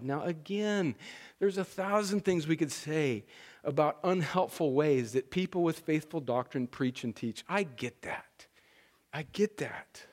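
A man's voice: a little high, unhurried. A man preaching a sermon as pastor, talking in a conversational, emphatic way that often restarts its sentences.

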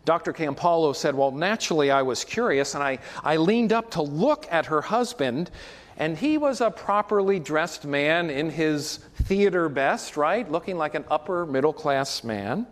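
Guy preaching in a church, pretty high voice, chatty, keeps asking the room "right?", big hall echo. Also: animated, normal speed. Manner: conversational, frequent "right?" asides. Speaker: pastor. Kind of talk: sermon.

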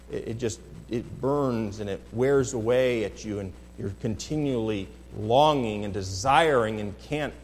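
A male pastor preaching to his congregation, moving from quiet conversational asides to loud, impassioned outbursts and reading scripture in King James wording. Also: mid-range voice, a little hiss or hum. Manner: reads scripture aloud in old-fashioned King James wording. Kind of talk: sermon. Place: church sanctuary with a congregation. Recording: long church reverb.

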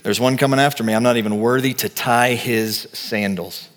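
A man's voice: medium pitch, fairly even intonation, moderate pace, a bit bright, in a large hall. A man preaching a sermon, telling a story with animation and acting out the voices he quotes. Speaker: pastor.

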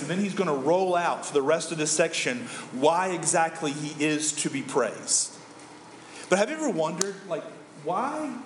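A man's voice: fairly high pitch, a little hiss or hum. Conversational male pastor in an echoey hall. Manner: conversational, asks the audience questions. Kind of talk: sermon. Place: church hall.

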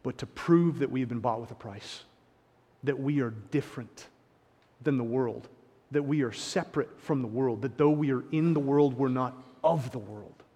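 A man preaching a sermon, impassioned, swinging between hushed reflection and emphatic points, with sarcastic asides. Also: mid-range voice, normal speed. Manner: sarcastic paraphrasing of opponents. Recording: long hall reverb.

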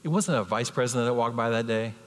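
A man in his fifties, speaking fast at a medium pitch, preaches a sermon as a guest speaker, telling stories and acting out different voices with lively animation. He's in a church sanctuary, and the recording carries a long hall reverb.

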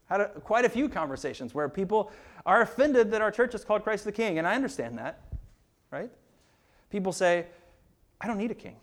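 A man's voice: sits high, very animated, a little fast. A male pastor preaching a sermon in an earnest, emphatic way, often repeating words as he builds a point.

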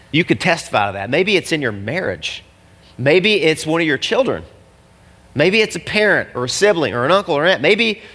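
Lively pastor preaching in a reverberant hall. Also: male voice, fairly high pitch. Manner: conversational, animated, slangy asides. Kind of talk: sermon. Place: church hall with an audience.

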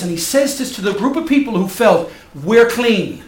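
A male pastor preaching a sermon, swinging from loud emphatic passages to soft hushed ones. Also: high voice, expressive, normal speed, few pauses, reverberant.

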